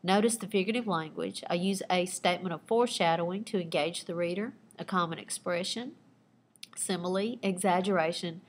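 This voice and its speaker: A woman teacher with a somewhat low voice reads her own personal story with animated, storytelling expression. Between passages she shifts into plain explanation, pointing students to the similes, dialogue and onomatopoeia she used. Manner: expressive storytelling with asides pointing out figurative language. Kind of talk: reading aloud a personal narrative and explaining writing techniques.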